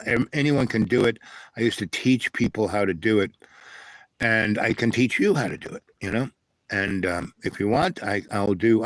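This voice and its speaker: A man's voice: mid-range voice, dry recording, poor audio. A man hosting a rambling spiritual monologue, meandering with many fillers and tag questions. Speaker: channel host.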